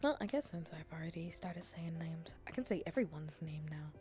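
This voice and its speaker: A woman streamer chatting casually with her viewers in a soft, half-whispered voice, slipping into playful mock-taunting teases. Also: low voice, animated, a little fast, faint music behind. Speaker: streamer hosting a chat stream. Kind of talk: soft-spoken casual chat.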